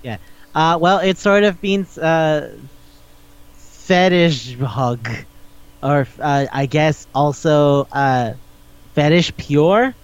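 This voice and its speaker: A man's voice: on the high side, extremely slow, pauses often, clean tone, dull audio. A man hosting a podcast in casual chat, rambling through a recap, swearing often and laughing as he talks. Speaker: podcast host.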